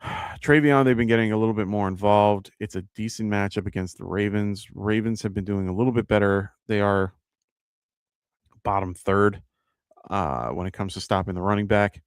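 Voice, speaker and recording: A man's voice: fairly low pitch, moderate pace, clean tone, dry recording, studio quality. A man with a New York accent hosting a live fantasy football show, chatting casually, thinking aloud with fillers and reading out viewer questions. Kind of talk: live-stream fantasy advice chat.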